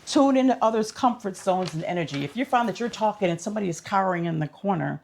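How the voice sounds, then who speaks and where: A woman's voice: mid-range voice, animated, fast, creaky, a little mellow, slight background noise. A woman vlogger giving casual tips in an upbeat, chatty, instructive way.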